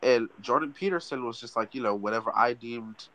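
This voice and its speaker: A man's voice: mid-range voice, brisk, poor audio. A man co-hosting a podcast in casual chat, rambling and swearing as he retells a story. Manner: profane, rambling, animated retelling. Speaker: podcast co-host.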